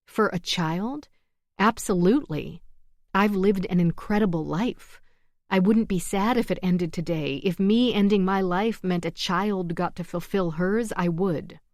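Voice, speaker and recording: A woman's voice: fairly low pitch, measured pace, darkish tone, no room sound, studio quality. A woman reading the part of a desperate female radio host and mother, speaking in an intense, cutting way.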